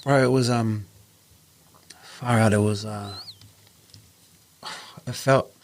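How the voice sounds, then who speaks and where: A man's voice: lowish voice, fairly even intonation, takes it slowly, slight background noise. A man with a New Zealand accent telling a personal story in a casual podcast chat, earnest, acting out the voices of the people in it. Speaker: podcast host.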